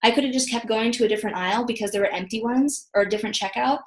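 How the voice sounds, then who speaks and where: A woman in her thirties leading a motivational team training call, telling chatty, animated stories. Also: on the high side, very fast, roomy sound. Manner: chatty, animated storytelling with acted quotes. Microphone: video call.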